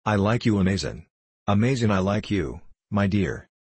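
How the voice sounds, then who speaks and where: A kindly old sea captain from a storybook, meek and fond, voiced by a man who drawls his words in a rustic way and drops his endings. The voice sits very low and slightly husky. It is dry and close. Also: lively intonation, moderate pace, darkish tone, dry recording.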